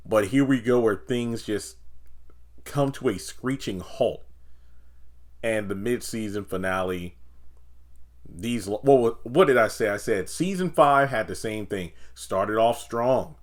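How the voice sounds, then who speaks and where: A young man casually reviewing a TV episode, acting out the characters' lines in quick, animated voices. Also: fairly low pitch. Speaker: TV review YouTuber.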